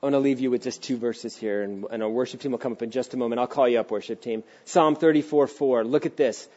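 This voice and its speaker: A middle-aged man preaching a sermon as pastor of a church, animated and acting out little voices, sometimes dropping to a hushed tone. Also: on the high side. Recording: dull lo-fi sound.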